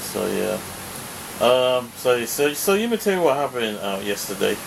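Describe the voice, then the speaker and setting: A man's voice: medium pitch, big pitch swings, a little slow, creaky, noisy background. A man rambling through a casual vlog, full of fillers and restarts, swearing when annoyed. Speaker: vlogger.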